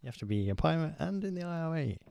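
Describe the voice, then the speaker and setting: Lively, joking podcast co-host man. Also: on the high side, fast, creaky, no room sound. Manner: playful, rambling and mock-theatrical. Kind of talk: casual comedic banter.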